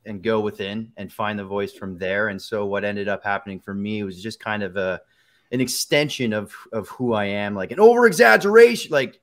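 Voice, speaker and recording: A man's voice: lowish voice, steady tone, normal speed, fairly bright tone. Jokey, rambling man on a video call. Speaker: voice actor guest. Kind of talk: casual interview answer.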